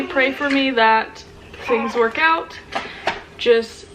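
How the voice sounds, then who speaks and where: A young woman with a slightly high voice talks to her viewers in an earnest, emotional way, often stopping to restart a sentence. It is a casual sit-down vlog. The recording has a clear hiss behind her. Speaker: vlogger. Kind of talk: casual sit-down talk to camera.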